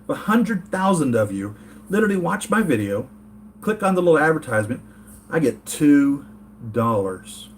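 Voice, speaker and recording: A man's voice: on the high side, sing-song, normal speed, slight background noise. A man from the United States hosting a casual live-chat vlog from his home, rambling earnestly and reading chat comments aloud. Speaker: toy collector channel host.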